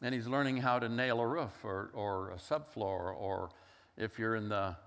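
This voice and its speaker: An older pastor delivers a sermon in a conversational, storytelling style, acting out the lines he quotes. His voice is fairly low, bright, and fairly even in intonation at a normal pace, and the recording has long hall reverb.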